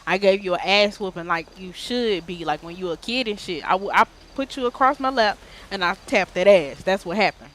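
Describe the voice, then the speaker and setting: A woman's voice: medium pitch, brisk. Woman streamer ranting thru a story, lotta slang and cussing, faint noise behind. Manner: animated, profane, slangy storytelling. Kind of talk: casual story time.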